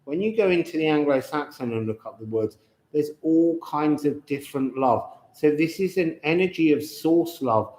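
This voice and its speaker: A man giving an unscripted card reading to viewers, slow and musing with chatty asides. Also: on the high side, animated, a little mellow. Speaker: tarot and astrology reader. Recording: echoey room.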